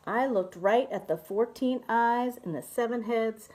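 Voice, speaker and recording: A woman minister reading a children's picture book aloud with expressive, animated storytelling. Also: on the high side, measured pace, few pauses.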